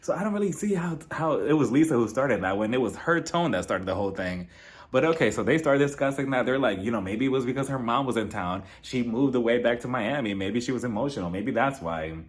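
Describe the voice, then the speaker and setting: Gossipy man with a lively voice. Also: medium pitch, brisk. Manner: chatty and gossipy, acting out quotes in playful voices. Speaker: reality TV recap host. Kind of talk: casual episode review commentary.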